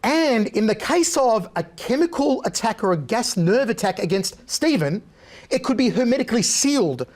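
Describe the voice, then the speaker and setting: A man, a guest on an interview show, telling animated anecdotes in a punchy, casual way. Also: very high voice, normal speed.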